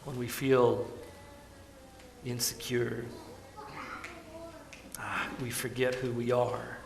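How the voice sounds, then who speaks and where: A man preaching a sermon, moving between soft, pleading tenderness and loud, urgent calls. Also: mid-range voice, flat delivery, takes it slowly, vocal fry, reverberant. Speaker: pastor.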